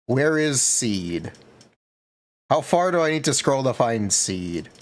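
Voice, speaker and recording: Laid-back man streaming, lively pitch. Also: takes it slowly. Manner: laid-back, reacts to chat, talks to viewers. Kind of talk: casual live-stream chat.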